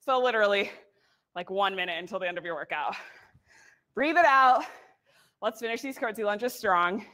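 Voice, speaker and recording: A woman's voice: medium pitch, expressive, normal speed, bright, forceful tone. A young woman leading a live workout, cheering people on with whoops and short cues, audibly out of breath. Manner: upbeat, encouraging cues with whoops. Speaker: fitness instructor.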